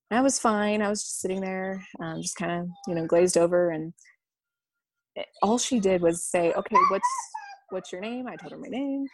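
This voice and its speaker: A young adult woman candidly telling a personal story, halting and full of ums and you-knows. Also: lowish voice, vocal fry, darkish tone, no room sound. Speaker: vlogger sharing a personal story.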